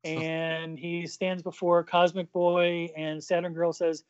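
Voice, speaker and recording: A man's voice: on the high side, monotone, takes it slowly, few pauses, clean tone, lo-fi sound. A man co-hosting a casual chat, recounting a comic panel by panel and doing the characters' lines and sound effects. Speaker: podcast co-host.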